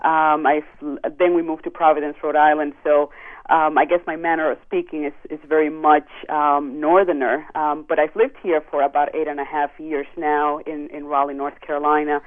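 A woman's voice: low voice, flat delivery, moderate pace. A woman from the Dominican Republic, a native Spanish speaker, calling in to a radio show and chatting with lots of ums. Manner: chatty, frequent ums and laughs. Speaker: caller. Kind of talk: casual call-in chat. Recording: tinny phone line.

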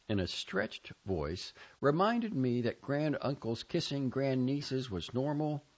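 A man with a very low voice reads a personal memoir, his intonation rising and falling widely as he moves through the scene. The recording is dull and lo-fi, lacking crispness. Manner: measured, expressive reading with lively intonation. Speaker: narrator. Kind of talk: reading a personal memoir aloud.

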